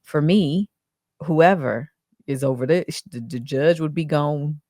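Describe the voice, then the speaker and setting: A woman's voice: sits low, a little slow, warm tone, dry recording, studio quality. A woman hosting a casual podcast, talking through a legal case in impassioned, indignant bursts. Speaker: podcast host.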